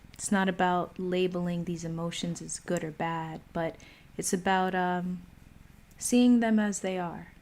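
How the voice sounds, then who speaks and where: A woman hosting a livestream mindfulness talk, speaking calmly and pausing often. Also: fairly low pitch. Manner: slow, calm, pausing often. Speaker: meditation host. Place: home.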